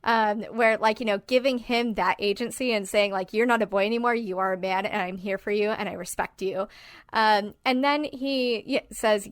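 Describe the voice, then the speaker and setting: A woman's voice: medium pitch, moderate pace, no echo. A woman co-hosting a podcast in casual chat, talking emphatically and swearing often. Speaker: podcast co-host.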